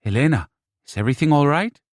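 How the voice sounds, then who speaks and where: A man plays a fretful older mother, high-pitched and loud, firing off worried questions. The read is close and dry. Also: expressive, fast talker, no echo, natural voice. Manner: exclamatory, fretful. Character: emotional older Mexican mother, excitable.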